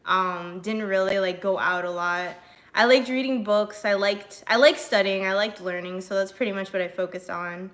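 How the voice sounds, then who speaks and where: A young woman chats with her stream audience in a bright, sharp voice. She rambles casually with lots of fillers and breaks into laughs while answering viewers. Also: mid-range voice, normal speed. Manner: chatty and animated, many fillers, laughs often; reads and answers chat messages.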